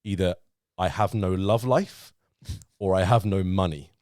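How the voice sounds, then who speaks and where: A man's voice: low-pitched, unhurried, a little mellow, no echo, clean studio sound. A man hosting a casual podcast, laughing often, swearing and teasing his guest. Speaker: podcast host.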